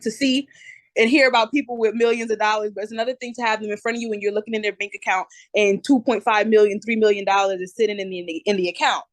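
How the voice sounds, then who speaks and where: A woman's voice: medium pitch, fast talker, no room sound. Casting note: twenties New Jersey-accented woman, candid podcast guest, dry close sound. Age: 20s. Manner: lively, candid, lots of "um" and "you know". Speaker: guest entrepreneur. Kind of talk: casual interview chat.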